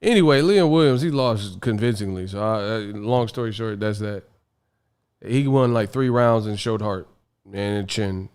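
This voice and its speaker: A man's voice: fairly low pitch, normal speed, a little mellow, clean tone. A man hosting a boxing livestream, ranting casually in an exasperated, slangy way and laughing often. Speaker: boxing stream host.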